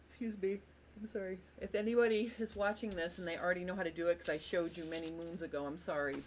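A woman's voice: fairly low pitch, slight background noise. Chatty woman teaching sewing live. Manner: chatty, apologetic, greets viewers by name. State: tired, yawning. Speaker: sewing instructor and host. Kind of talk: live-streamed sewing tutorial.

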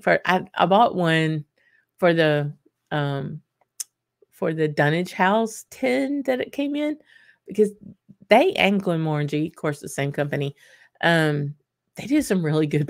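Host: middle-aged woman, low gravelly voice, chatty and laughing, dry close sound. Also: no room sound. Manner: chatty, laughs often, many ums and restarts. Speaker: host of a whisky livestream. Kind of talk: casual chat reading viewer comments.

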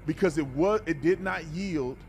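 A man's voice: fairly high pitch, moderate pace, a little mellow, slight background noise. A man hosting a reaction video, talking bluntly and animatedly in a preachy, casual way and often repeating words.

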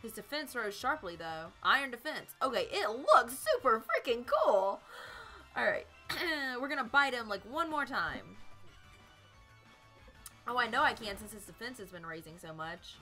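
With faint music in the background, a young woman from South Carolina narrates her live gameplay in a high-leaning, very animated, bright and forceful voice, taking her time. She giggles, stays bubbly, and talks freely with her chat.

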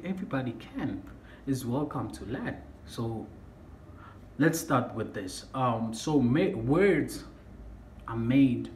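A young man explains word sounds in a casual lesson, often pausing and repeating himself. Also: mid-range voice. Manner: halting, repeats himself, searches for words. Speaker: language teacher. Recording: echoey room with faint background hum.

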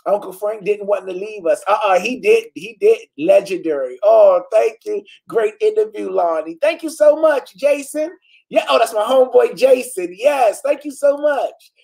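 Flamboyant husky man hosting a live stream. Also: high-pitched, moderate pace. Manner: flamboyant, exclamatory, animated. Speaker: host of a live online talk show. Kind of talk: casual live-stream chat reading comments.

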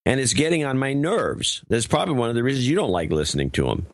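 A man's voice: mid-range voice, wildly swooping pitch, fast, dry recording, clean studio sound. An older man co-hosting a talk podcast in casual chat, grumbling and sarcastic. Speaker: co-host.

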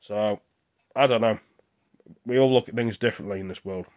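A man's voice: medium pitch, fairly even intonation, moderate pace, phone-quality sound. A young British man talking with his mouth full, venting in a rambling, indignant casual vlog. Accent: British English. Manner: rambling and indignant, with restarts and repeated words. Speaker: vlogger.

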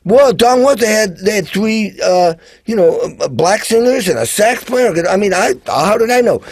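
A man's voice: high voice, lively intonation, normal speed, creaky, breathy edge, dry recording. A man as a guest drummer, telling stories in casual chat and animatedly acting out the voices of people he quotes. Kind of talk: casual storytelling.

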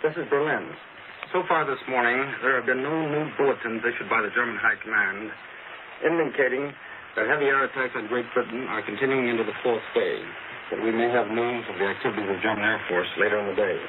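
A male radio correspondent reading a formal news report in a measured way. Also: mid-range voice, narrow, tinny audio. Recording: crackly 1940s shortwave radio broadcast.

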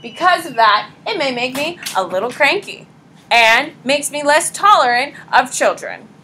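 A pregnant woman teaching a high school psychology class in a casual, blunt lecture style, talking straight to her students. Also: big pitch swings, moderate pace, sharp tone, a little hiss or hum, rough recording.

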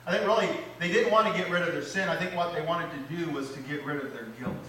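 A male pastor preaches a lively, quick-paced sermon in a bright, slightly sharp voice, rising loud on repeated phrases and dropping low for emphasis. He's recorded from a distance in a large, echoey church sanctuary, with slight background noise.

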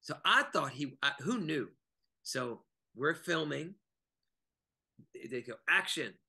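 A man from Virginia tells backstage stories as a podcast guest, acting out the voices of the people in them. His tone is bright and clear. He talks in a relaxed, chatty way. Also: fairly high pitch, slow. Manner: animated anecdote telling with acted quotes. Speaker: guest, actor and choreographer. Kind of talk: casual interview storytelling.

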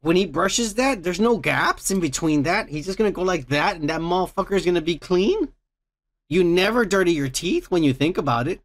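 A man with a fairly high voice, co-hosting a podcast and trading crude jokes in loud, teasing bursts. His voice leaps into high yelps when he gets excited. The sound is dry and close, with no room around it. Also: normal speed, no room sound. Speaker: podcast co-host. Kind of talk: crude casual banter.

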